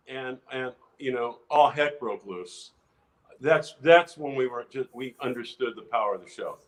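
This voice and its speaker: An older man, an actor guest, telling lively anecdotes in a casual interview, restarting phrases often. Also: fairly high pitch, low-quality recording. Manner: animated anecdotes with many restarts.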